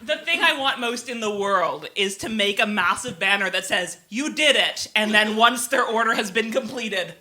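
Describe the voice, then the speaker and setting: Woman, comedy panelist, bright and lively, giggly teller; faint live-room noise. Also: mid-range voice, normal speed, few pauses. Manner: playful, giggly storytelling. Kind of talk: live comedy podcast banter.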